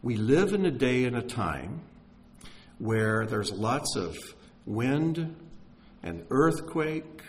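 A man preaching a sermon, telling stories with energy and dropping to a hush for emphasis. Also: medium pitch, a little hiss or hum, low-quality recording. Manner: animated storyteller, drops to a hush for emphasis.

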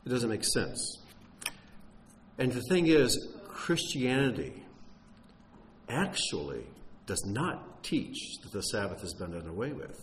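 A man's voice: mid-range voice, big pitch swings, slow pace, pauses often, a little hiss or hum. A man giving an earnest, emphatic sermon teaching, with some wry humor and frequent fillers and restarts. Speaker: teacher of a Messianic congregation.

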